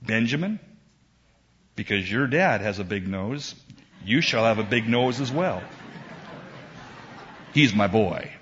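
A middle-aged man preaching a sermon in a church, emphatic and unhurried, with dramatic pauses. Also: lowish voice, animated, a bit bright, dull audio. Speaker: pastor.

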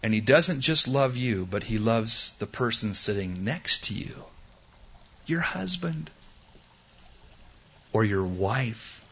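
A male preacher with a bright, forceful voice delivers a sermon slowly and deliberately. He swings from loud, emphatic lines to hushed, tender quotes. The recording is dull and lo-fi. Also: fairly low pitch, animated, breathy edge.

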